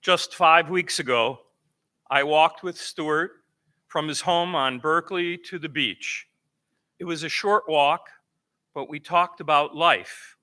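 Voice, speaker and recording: Older man, crisp bright eulogy. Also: fairly high pitch. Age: 70s. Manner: reflective, measured remembrance. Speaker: old friend giving a eulogy. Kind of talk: memorial eulogy. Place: memorial service.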